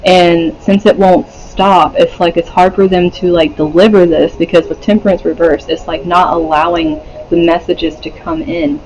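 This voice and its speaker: A man's voice: high voice, lively intonation, moderate pace, hardly any pauses, a little mellow, slight background noise, low-quality recording. A man doing a casual pick-a-card tarot reading, rambling with many fillers, swearing and laughing often. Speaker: tarot reader.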